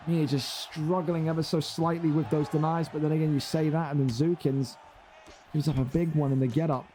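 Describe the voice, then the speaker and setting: A young man doing play-by-play commentary on a fight game, excitable and climbing high and loud on big moments. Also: slight background noise.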